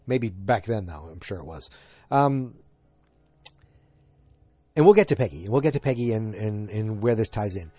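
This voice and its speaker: A man's voice: on the low side, lively intonation, normal speed, long pauses, mellow, no echo. A man hosting a podcast, chatting through an episode recap in a rambling way that flares into exasperation. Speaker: podcast host.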